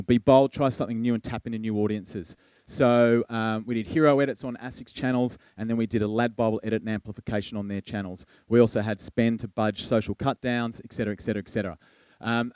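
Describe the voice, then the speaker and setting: A man's voice: mid-range voice, darkish tone, clear, resonant tone, no room sound. A man giving a conversational conference keynote, with frequent ums and restarts. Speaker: keynote speaker. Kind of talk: conference presentation.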